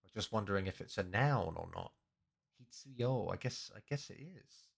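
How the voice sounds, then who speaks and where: A man's voice: fairly low pitch, lively intonation, normal speed, creaky, breathy edge. A man casually breaking down language and grammar, thinking aloud with many fillers and self-corrections. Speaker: language learning streamer.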